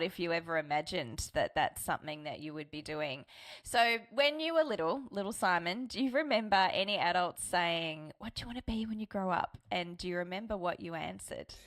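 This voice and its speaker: A woman's voice: on the low side, fairly bright tone. A woman from Australia hosting an interview podcast, upbeat and enthusiastic. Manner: upbeat, enthusiastic, laughs often. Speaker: podcast host.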